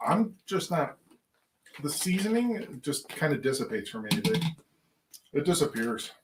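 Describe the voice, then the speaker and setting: Animated man presenting snacks. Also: a little high, noisy background. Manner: quick, animated, presents products. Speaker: snack review show co-host. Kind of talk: casual chat tasting snacks.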